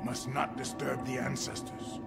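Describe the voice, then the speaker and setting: A man voicing a grumpy, gruff fantasy party adventurer in a game, with a gravelly voice and curt grumbling complaints. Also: medium pitch, flat delivery, a little slow. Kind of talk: game character barks. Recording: game audio with loud music.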